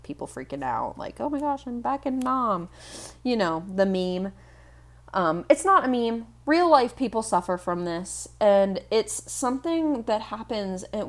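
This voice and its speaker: Rambling, low-voiced young woman. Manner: rambling, frequent "like" fillers. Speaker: art vlogger. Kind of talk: rambling voice-over chat.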